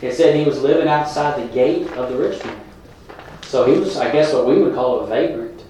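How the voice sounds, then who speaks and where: A man preaches in an easy, conversational way, speaking directly to his congregation. His voice sits at an ordinary middle pitch. It is recorded from some distance in a church hall with heavy echo and a faint hum behind it. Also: moderate pace, mellow. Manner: plain conversational preaching, talking straight to the congregation. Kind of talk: sermon. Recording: very echoey room, from a distance.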